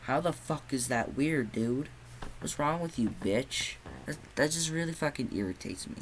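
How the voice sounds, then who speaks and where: A man's voice: mid-range voice, animated, moderate pace, slight background noise, rough recording. Profane, sarcastic young man ranting. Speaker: movie reviewer. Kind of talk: casual spoken review.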